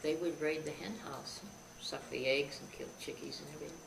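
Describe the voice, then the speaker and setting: A woman's voice: sits low, fairly even intonation, fairly quick, gravelly. An older woman being interviewed, telling a childhood story and acting out the voices of the people in it. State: frog in her throat, coughing. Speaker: interview guest. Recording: roomy, distant, noisy 2001 tape.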